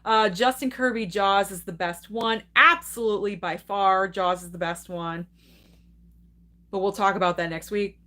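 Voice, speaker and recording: A woman's voice: mid-range voice, fairly even intonation, normal speed, sharp tone. Young adult woman host, casual live-stream chatter, upbeat and talkative, mid-range voice. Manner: chatty and enthusiastic, laughs often, reacts to chat. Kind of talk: casual live-stream chat reading viewer comments.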